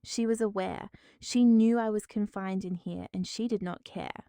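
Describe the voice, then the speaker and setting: A woman narrating a dramatic first-person story in a measured, formal way. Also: mid-range voice, steady tone, warm tone, smooth, dry recording.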